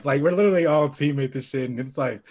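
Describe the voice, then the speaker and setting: A man's voice: medium pitch, quick pace, a little mellow. Laid-back young man, casual story. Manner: laid-back storytelling, says "bro" and "like" often. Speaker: podcast co-host. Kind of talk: casual chat.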